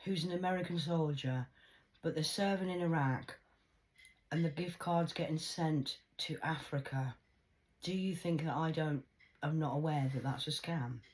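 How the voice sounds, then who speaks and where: A woman speaking intensely and emphatically to her viewers, swinging between loud outbursts and hushed asides. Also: low voice, moderate pace, low-quality recording. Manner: confiding, addresses viewers directly. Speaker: vlogger. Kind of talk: emotional personal monologue to camera.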